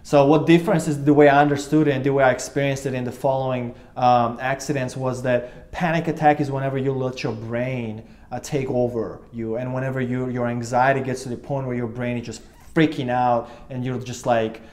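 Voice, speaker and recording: A man's voice: mid-range voice, flat delivery, a little fast, darkish tone. A man in his twenties earnestly recounting a personal experience, rambling with many fillers and restarts. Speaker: vlogger telling his own story. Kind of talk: personal storytelling to camera.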